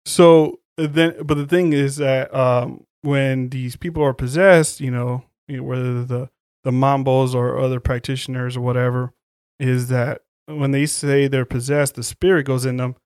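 A man's voice: mid-range voice, flat delivery, moderate pace, a little mellow, smooth, no room sound, studio quality. A man hosting a podcast, recapping and rating a horror film in loose, slangy, profane chat. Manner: loose, slangy storytelling with side remarks. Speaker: podcast host reviewing horror films.

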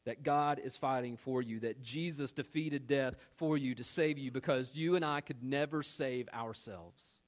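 A male pastor preaching a sermon, reading scripture and acting out the grumbling crowd in a casual, animated way. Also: medium pitch.

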